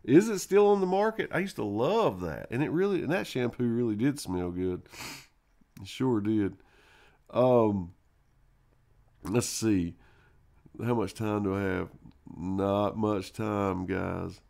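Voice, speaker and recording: A man's voice: on the low side, lively intonation, slow pace, vocal fry, long pauses, darkish tone. A man hosting a live stream, telling a rambling childhood story casually, with swearing and fillers. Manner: rambling, profane, full of fillers like "man" and "you know".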